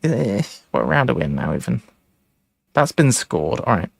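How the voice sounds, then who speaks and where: A man's voice: lowish voice, big pitch swings, normal speed, vocal fry, husky, dry recording, studio quality. A man hosting a live board game stream, chatting casually and thinking aloud over his moves. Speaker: streamer host. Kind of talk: casual chat during an online board game.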